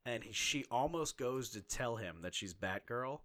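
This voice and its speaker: A man casually chatting on a podcast, animated and profane, getting emotional as he retells stories. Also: mid-range voice, moderate pace. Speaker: podcast co-host.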